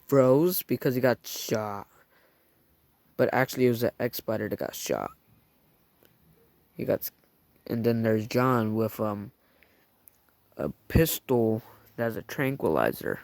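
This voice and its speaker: A man's voice: medium pitch, measured pace, vocal fry, no room sound. A man casually recapping a show scene by scene, rambling and chatty, adding his own sound effects. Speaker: show reviewer.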